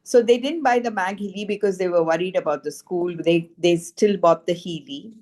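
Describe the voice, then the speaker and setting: Woman, slightly low voice, earnest animated testimonial, lots of "you know". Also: normal speed. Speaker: frequency healing practitioner. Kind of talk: personal testimonial storytelling.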